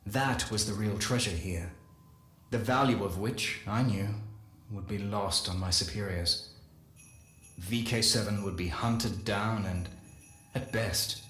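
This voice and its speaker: A man with a fairly low voice reads a first-person story in a slow, measured way and pauses between phrases. The recording is roomy, with a clear echo around him. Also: fairly bright tone, slight background noise. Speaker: lore reader. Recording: echoey room.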